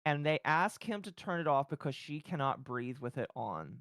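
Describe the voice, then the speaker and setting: A woman's voice: low-pitched, sing-song, moderate pace, a bit bright, dry recording, studio quality. A woman hosting a casual watch-along stream, chatty and laughing often. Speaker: stream host.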